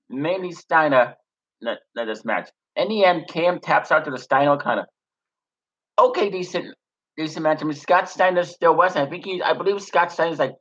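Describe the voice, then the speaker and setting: A young male wrestling reviewer with a slightly high, somewhat bright voice gives a casual, rambling recap through a muffled lo-fi mic. He uses lots of ums, fillers, and restarts.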